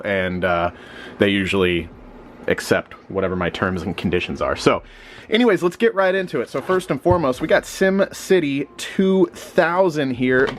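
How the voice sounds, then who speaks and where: A young man from Missouri, a reseller vlogger, rambling casually with lots of fillers and sudden jumps up in pitch, a bit sleepy. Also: slight background noise. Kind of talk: casual chat.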